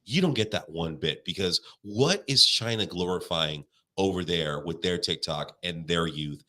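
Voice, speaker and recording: A man's voice: low-pitched, moderate pace, sharp tone. A young man co-hosting a podcast in casual chat, rambling with restarts and swearing. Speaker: podcast co-host.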